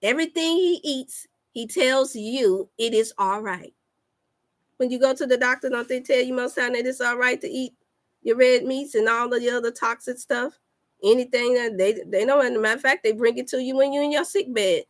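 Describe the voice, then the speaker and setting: A woman's voice: a little high, normal speed. A woman health coach giving a fervent, preacher-like talk on a livestream. She repeats lines for emphasis and calls out to her listeners.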